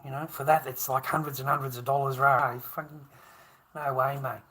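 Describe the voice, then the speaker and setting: A man's voice: mid-range voice, level tone, moderate pace, sharp tone. An Australian man hosting a livestream, rambling and chatting to viewers, swearing freely, laughing often and calling everyone mate. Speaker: livestream host. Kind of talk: rambling live-stream chat.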